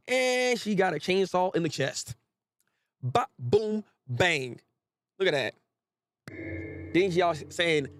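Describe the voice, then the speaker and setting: A lively young man reacting live and swinging his pitch all over the place. His slightly high voice has a gravelly edge. He jokes and laughs as he goes, and the sound is dry and close-miked. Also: no echo. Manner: animated, joking, frequent laughter and restarts. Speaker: manga reaction host.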